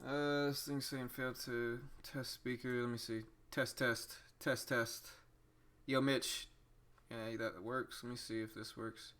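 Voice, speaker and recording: A man's voice: mid-range voice, unhurried. Chatty man hosting a trading stream. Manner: relaxed, chatty, with frequent restarts and fillers. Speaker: day-trading livestream host. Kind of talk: casual live-stream chat.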